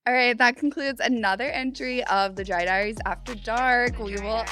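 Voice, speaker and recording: Animated young woman podcast co-host. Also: fairly high pitch, normal speed, no room sound, clean studio sound, soft background music. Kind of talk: casual chat.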